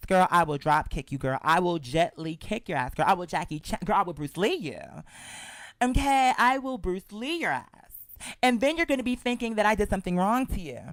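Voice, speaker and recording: A chatty, sassy show host tells a story straight to the listener and keeps calling them "girl". The pitch sits in the middle range. The sound is dry and close, with no room echo. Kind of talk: casual storytelling monologue.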